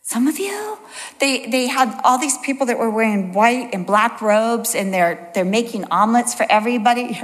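A middle-aged woman, a Bible teacher, giving a conversational sermon to an audience and telling stories in a chatty, animated way. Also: a little high, normal speed. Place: large hall before an audience. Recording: long reverb of a large hall.

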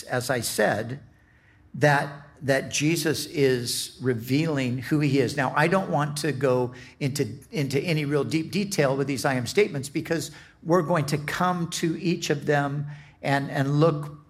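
A male pastor delivering a sermon, taking his time over every phrase. His voice sits a little higher than most men's, and he often restarts a sentence as he teaches. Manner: slow, deliberate teaching with many restarts.

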